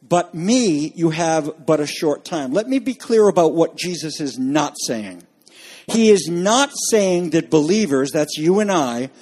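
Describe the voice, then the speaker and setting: A man's voice: fairly high pitch, darkish tone, slightly rough. A man preaching a sermon as pastor, emphatic and conversational, with asides to his congregation.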